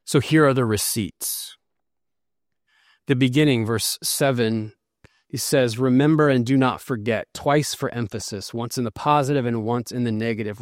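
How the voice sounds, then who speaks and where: A pastor preaches an expository sermon, earnest and emphatic as he reads and explains scripture. His voice is medium-pitched at a moderate pace, recorded with clean studio sound and no echo.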